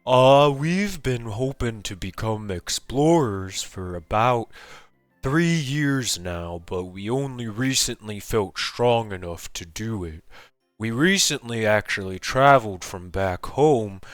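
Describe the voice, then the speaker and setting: A man voicing a calm, soft-spoken clay creature. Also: fairly low pitch, takes it slowly, no room sound, clean studio sound, soft background music, voice pushed down. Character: calm little clay creature speaking by thought.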